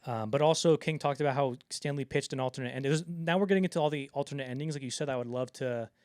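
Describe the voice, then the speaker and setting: A man's voice: medium pitch, fast, a little mellow, dry recording, clean studio sound. A man co-hosting a film podcast in casual chat, rambling with lots of fillers and acting out the quotes he retells. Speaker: podcast co-host.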